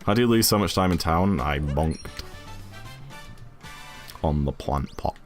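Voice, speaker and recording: A man's voice: extremely low pitch, animated, a little slow, faint music behind. A man with a British accent chatting casually and rambling while he streams a speedrun, laughing often. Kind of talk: casual chat while gaming.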